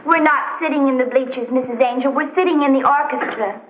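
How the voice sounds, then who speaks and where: A woman's voice: high-pitched, brisk, lightly acted. A woman playing a gushing, name-dropping starlet. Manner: airy, gushing, self-important. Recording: tinny old TV sound, roomy.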